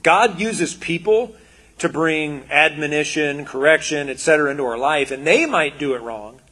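A man giving a casual, conversational sermon, animated and full of quoted asides. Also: fairly high pitch, moderate pace. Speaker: preacher.

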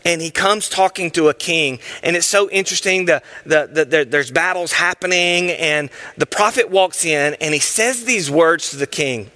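High-voiced impassioned male preacher. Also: normal speed, hardly any pauses, sharp tone. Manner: emphatic, impassioned, urgent. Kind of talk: sermon.

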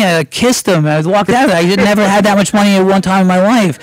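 A man's voice: high-pitched, fast talker, hardly any pauses, no room sound, poor audio. A middle-aged American man, a guest screenwriter, casually telling anecdotes with lots of restarts and acted-out quotes.

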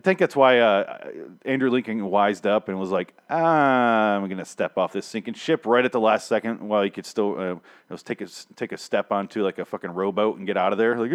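A man hosting a casual TV review podcast, rambling and swearing freely, often stammering and restarting his sentences. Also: lowish voice.

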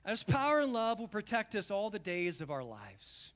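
A man pastor preaching a communion sermon to his congregation, earnest and pleading, swinging from emphatic calls down to low, quiet invitations. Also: wildly swooping pitch, moderate pace. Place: church service.

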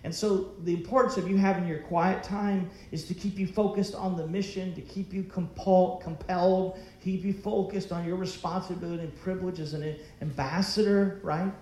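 A man's voice: high voice, fairly even intonation, normal speed, few pauses, a little mellow. Emphatic preaching man, echoey room. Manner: emphatic preaching with rhetorical questions. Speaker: pastor. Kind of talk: sermon.

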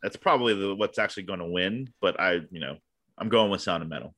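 A man's voice: low voice, fast talker, a bit bright, no echo. A man co-hosting a casual chat who makes offhand, self-deprecating picks. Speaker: podcast co-host.

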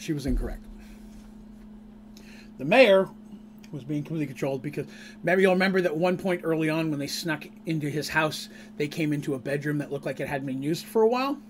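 A man recaps a tabletop adventure he ran, rambling and animated as he tells it. His voice sits somewhat high, with a faint hum under the recording. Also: a little fast, long pauses. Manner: animated, rambling, laughs at his own story. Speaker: game master. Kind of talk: casual storytelling recap of a tabletop game.

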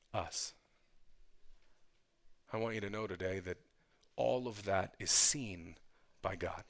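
Bright-voiced man preaching a sermon. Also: on the low side. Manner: conversational preaching that swings from hushed to loud and fervent; casual asides to the congregation. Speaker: pastor.

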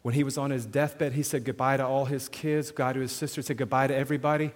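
A man preaching to a live audience on sharing faith, animated, often asking the crowd questions and checking in with "okay?". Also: mid-range voice, fast talker. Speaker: evangelism speaker. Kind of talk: sermon-style teaching to an audience. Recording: long hall reverb.

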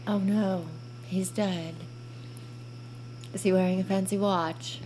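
A woman's voice: mid-range voice, steady tone, takes it slowly, darkish tone, a little hiss or hum, rough recording. A woman playing in a tabletop game who asks blunt, eager questions. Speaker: player. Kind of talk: casual tabletop play.

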